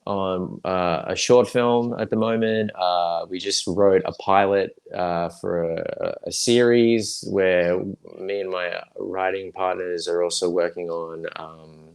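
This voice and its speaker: A man's voice: low voice, steady tone, takes it slowly, few pauses, smooth. A young adult man, a guest actor chatting casually on a livestream, rambling with lots of fillers and restarts.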